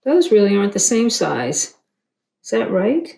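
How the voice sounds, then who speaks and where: A woman's voice: mid-range voice, big pitch swings, unhurried, creaky, warm tone, a little hiss or hum. Chatty woman in an echoey room. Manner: chatty, self-deprecating, rambling asides. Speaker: quilting instructor. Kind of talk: casual tutorial chat while sewing.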